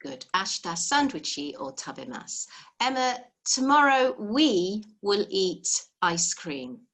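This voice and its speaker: Lively encouraging woman teaching a language. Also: medium pitch, a little slow. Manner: encouraging, patient, explains step by step. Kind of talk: live online language lesson. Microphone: video call.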